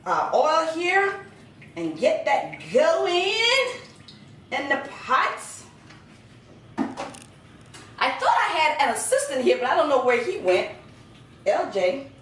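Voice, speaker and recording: A middle-aged woman with a Southern accent talks through a recipe in her home kitchen, high-voiced and lively, swooping up and down as she chats. She sounds homey and full of sayings. The voice is caught from a little off-mic in a roomy kitchen. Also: recorded from a distance, slight background noise. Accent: Southern American. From Southern United States. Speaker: cooking channel host. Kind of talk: casual home cooking video.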